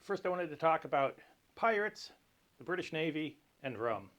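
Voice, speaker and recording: Male cocktail host, slightly high voice, dry jokey explainer. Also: expressive, moderate pace, a bit bright, dull audio. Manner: dry, lightly joking explainer. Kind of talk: casual cocktail tutorial.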